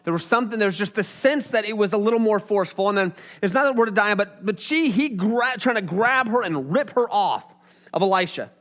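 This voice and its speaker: High-voiced young man preaching. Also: a little fast. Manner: conversational, animated preaching. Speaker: pastor. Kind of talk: sermon.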